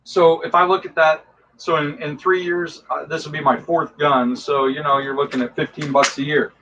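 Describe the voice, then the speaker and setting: A man's voice: fairly high pitch, flat delivery, moderate pace, pushed and bright, a little hiss or hum, poor audio. Chatty man explaining costume craft. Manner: enthusiastic, rambling, many fillers. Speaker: costume and prop maker guest. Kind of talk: casual how-to talk.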